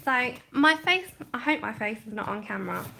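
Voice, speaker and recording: Gushing high-voiced woman. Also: a little fast, vocal fry, a little hiss or hum. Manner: gushing, excitable, laughs often and trails off. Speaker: colouring channel host. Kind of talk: casual livestream chat while unboxing. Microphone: camera set back from the desk.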